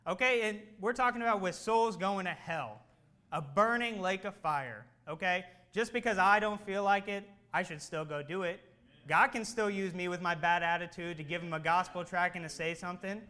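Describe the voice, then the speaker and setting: A man preaching in a high, bright voice with a sharp edge to it. He tells his story in a plain conversational way, then presses his listeners hard with earnest urgency. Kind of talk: sermon.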